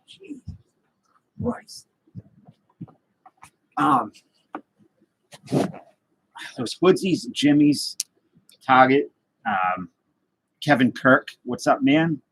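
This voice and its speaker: A man's voice: mid-range voice, big pitch swings, very slow, pauses often, background noise. A man hosting a casual live stream, rambling loosely and greeting viewers by name as he reads their comments. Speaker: livestream host.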